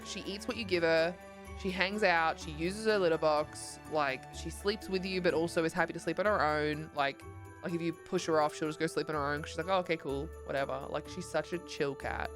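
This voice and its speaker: A woman's voice: deep voice, steady tone, brisk, soft background music. Sleepy, chatty young woman streaming. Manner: chatty and rambling, many "like" fillers. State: sleepy, yawning. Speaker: livestreamer. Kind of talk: casual chat while gaming.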